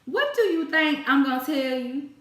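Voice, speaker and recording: A woman's voice: high-pitched, sing-song, normal speed. A woman telling a casual storytime about work, exasperated and ranting about difficult customers. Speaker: storytime vlogger. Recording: echoey room.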